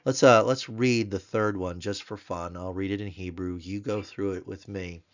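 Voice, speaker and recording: A man with a very low voice teaches a grammar lesson, spelling words out patiently and repeating them. The recording sounds dull and a little lo-fi. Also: steady tone, normal speed.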